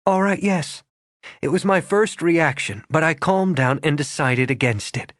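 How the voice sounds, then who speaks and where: A man's voice: measured pace, fairly bright tone, no room sound, clean studio sound. A man voicing a tense proper young woman. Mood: pleading. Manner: indignant, clipped, rising to a high pitch. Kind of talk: audiobook character voice.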